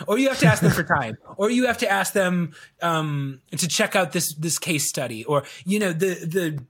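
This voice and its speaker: A man in a relaxed podcast interview, his voice sitting a little high and swinging widely as he acts out little scenes of quoted dialogue. He tells his stories with a playful, chuckling energy. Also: moderate pace, hardly any pauses. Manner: animated storyteller acting out quoted dialogue. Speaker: sales video coach, guest.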